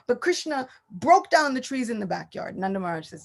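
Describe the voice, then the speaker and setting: A woman giving a scripture class, telling the story in a lively, animated way. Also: fairly high pitch, brisk, creaky.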